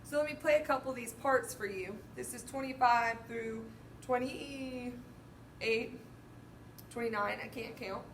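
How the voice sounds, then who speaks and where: High-voiced band teacher counting beats aloud. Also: female voice, unhurried. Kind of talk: music lesson walkthrough. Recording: roomy, distant mic, faint noise.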